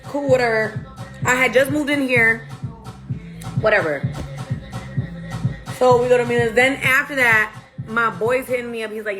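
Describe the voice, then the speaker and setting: A woman on a livestream, telling a long night-out story in a blunt, profane, animated way. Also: fairly high pitch, moderate pace, pauses often. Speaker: livestream host. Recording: clear music behind the voice.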